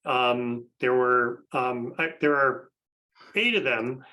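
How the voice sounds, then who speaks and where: A man's voice: mid-range voice, slow pace, bright, forceful tone, poor audio. A man hosting a podcast, casually introducing a panel of guests, chatty with frequent fillers and restarts. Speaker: podcast host.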